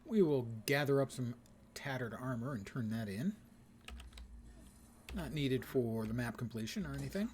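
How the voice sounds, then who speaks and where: A man's voice: medium pitch, animated, normal speed, long pauses, a little mellow, slight background noise. Wry man streaming a video game. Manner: wry, joking asides. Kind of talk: casual live-stream commentary.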